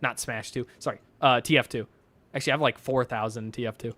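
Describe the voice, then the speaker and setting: Bright-voiced young man streaming, profane. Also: medium pitch, steady tone, fast, no echo. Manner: rambling, profane, laughs often, many fillers. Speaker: streamer reading donations. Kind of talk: casual stream chat.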